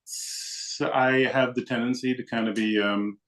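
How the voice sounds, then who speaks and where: A man's voice: mid-range voice, unhurried. A middle-aged man, a podcast guest, casually telling a rambling, self-deprecating story. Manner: rambling, self-deprecating, animated when quoting.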